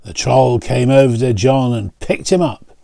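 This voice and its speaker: Slow, mellow man reading a storybook. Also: mid-range voice, vocal fry, no room sound. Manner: slow, pausing to point out the pictures. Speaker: pastor. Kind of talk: reading a picture book aloud.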